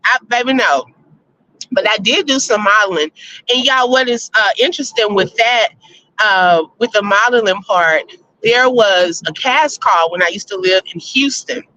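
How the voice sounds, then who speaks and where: A woman hosting a casual live-stream chat, reading viewer votes and telling stories, animated and laughing often. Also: mid-range voice, moderate pace. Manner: chatty, animated, laughs often, addresses listeners as y'all. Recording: slightly muffled lo-fi audio.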